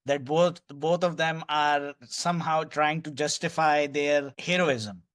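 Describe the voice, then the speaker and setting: Slightly high-voiced male interviewer. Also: fairly even intonation, slow, fairly bright tone. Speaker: interviewer, host. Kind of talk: interview questions.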